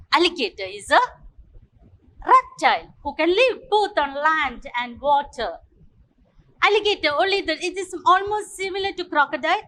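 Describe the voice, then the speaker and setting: Slow, high, sing-song woman teacher. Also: bright, forceful tone. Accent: Indian English. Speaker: kindergarten teacher. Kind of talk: teaching young children.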